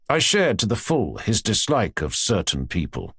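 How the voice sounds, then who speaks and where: A man narrating an audiobook in an expressive storytelling manner. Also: lowish voice, normal speed, hardly any pauses, husky, no room sound, clean studio sound.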